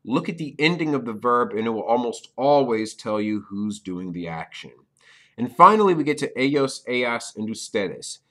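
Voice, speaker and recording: A Spanish teacher leads a beginner's language lesson on video, repeating key points, explaining step by step, and frequently checking in with "okay?" His mid-range voice is bright and forceful, with lively intonation at a normal speed.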